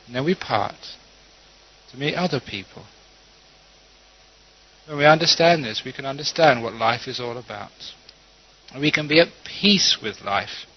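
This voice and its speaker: A man, a Buddhist teacher giving a calm, storytelling dharma talk with gentle humor. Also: mid-range voice, slightly rough. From London. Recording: dull lo-fi recording.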